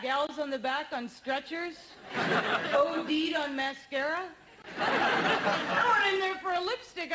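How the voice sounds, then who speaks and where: High-voiced woman doing wry stand-up. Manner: wry, punchy deadpan delivery. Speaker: stand-up comedian. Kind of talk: stand-up comedy routine. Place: TV studio stage with a live audience. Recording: noisy old 1980s TV broadcast tape.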